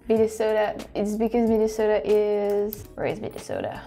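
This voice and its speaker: A woman's voice: mid-range voice, normal speed, hardly any pauses, dark tone, faint music behind. A woman with a French accent, a native French speaker, hosting a vlog and thinking aloud with many restarts and fillers. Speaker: host. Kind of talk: casual vlog commentary.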